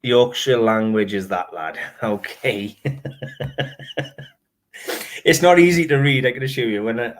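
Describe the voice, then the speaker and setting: A man's voice: medium pitch, unhurried, pauses often, slight background noise. A man hosting a casual video, chatting through his antique finds and laughing often. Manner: chatty, laughs often, admits trouble reading dialect. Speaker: antiques dealer and channel host. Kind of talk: casual show-and-tell.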